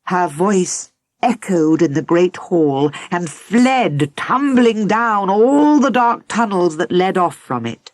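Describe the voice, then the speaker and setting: A woman narrating a children's audiobook in an expressive storybook manner. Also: lowish voice, slow, dry recording. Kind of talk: scripted narration.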